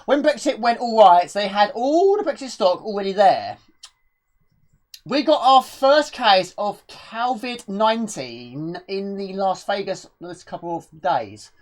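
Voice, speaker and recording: A woman's voice: medium pitch, expressive, slow pace, a little mellow. A woman live-streaming a retro game, chatting casually and out of breath, rambling and answering chat questions as she plays. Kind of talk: casual gameplay commentary.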